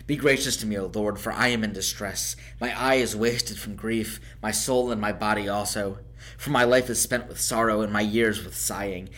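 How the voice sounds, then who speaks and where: Male scripture reader, lowish voice, measured and solemn, builds on praise lines. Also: fairly even intonation, fairly bright tone.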